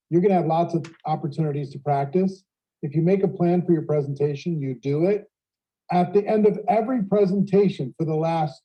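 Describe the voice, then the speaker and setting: Host: man, high voice, energetic coaching style, muffled lo-fi audio. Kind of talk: panel discussion coaching tips.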